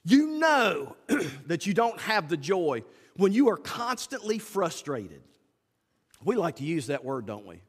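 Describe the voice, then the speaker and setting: A male pastor with a drawl preaches in a folksy, lively style, his fairly high voice leaping up and down in pitch. The sound carries a long church reverb. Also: takes it slowly, husky. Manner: folksy, animated preaching with acted-out asides. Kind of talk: sermon. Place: church sanctuary.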